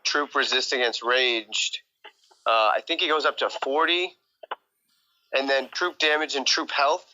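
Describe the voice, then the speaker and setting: A man's voice: mid-range voice, a little slow, sharp tone, low-quality recording. A middle-aged man chatting eagerly on a gaming stream, rambling through his items with fillers. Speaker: stream guest. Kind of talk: casual gaming chat.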